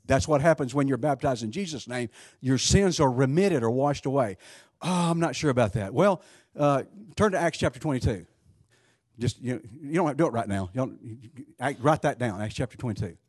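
Animated, husky-voiced male preacher. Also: mid-range voice, a little fast, no echo, clean studio sound. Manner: emphatic, with rhetorical questions and frequent restarts. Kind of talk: sermon.

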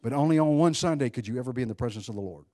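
A man preaching a sermon in an animated, conversational way, swinging between loud bursts and hushed asides while joking with his congregation. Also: mid-range voice, very fast, no room sound. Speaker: pastor.

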